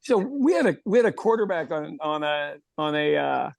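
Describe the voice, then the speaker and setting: A man's voice: on the high side, very animated, normal speed, creaky, dry recording. A man from Ireland co-hosting a podcast in casual chat, laughing often and repeating words as he starts. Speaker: podcast co-host.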